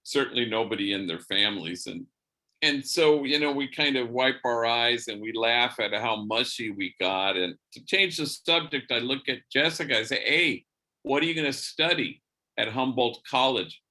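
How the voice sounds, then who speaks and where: A priest tells a story during a church lecture, speaking at a normal pace in a mid-range voice. He's animated and drops Spanish slang words here and there.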